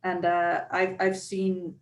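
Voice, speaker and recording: A woman's voice: lowish voice, monotone, takes it slowly, low-quality recording. A woman faculty member speaking on a panel discussion, explaining at length with frequent restarts and fillers.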